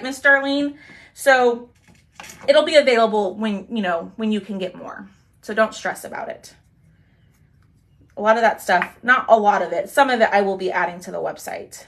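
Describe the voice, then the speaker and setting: Her mid-range voice has a fairly bright tone as this young woman hosts a live craft stream. Chatty and bubbly, she explains her work to viewers while doing it and thanks commenters along the way.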